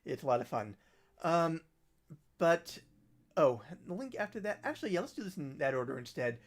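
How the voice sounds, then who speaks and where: Chatty higher-voiced man on a livestream. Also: very animated, normal speed. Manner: rambling, recommending links, trailing off into soft asides. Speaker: musician hosting a livestream. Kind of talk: casual livestream chat.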